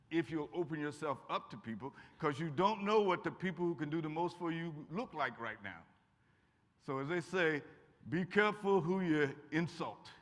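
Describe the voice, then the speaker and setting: An older man from Kentucky telling stories to a college audience in a folksy, humorous way, now and then acting out what people said. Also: a little high. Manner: folksy, warm humor, acts out quotes. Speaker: guest speaker. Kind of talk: lively storytelling talk to students. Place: college auditorium. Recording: echoey hall.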